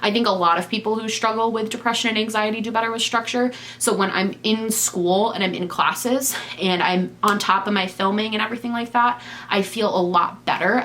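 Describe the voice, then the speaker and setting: A woman's voice: medium pitch, a bit bright. A young adult woman talking candidly in a casual vlog while knitting. She often stops and restarts her sentences. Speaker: vlogger. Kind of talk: casual confessional chat.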